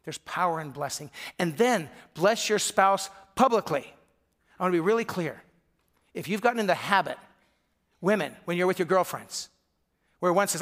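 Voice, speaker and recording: A man's voice: high voice, expressive, moderate pace, fairly bright tone. A middle-aged man from Michigan preaching a sermon as pastor, telling stories and acting out the voices of people he quotes.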